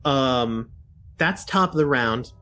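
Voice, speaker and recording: A man's voice: mid-range voice, animated, takes it slowly, bright, forceful tone, a little hiss or hum. Chuckling man running the game. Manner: loose, filler-heavy narration with chuckles. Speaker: dungeon master. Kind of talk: narrating a tabletop game.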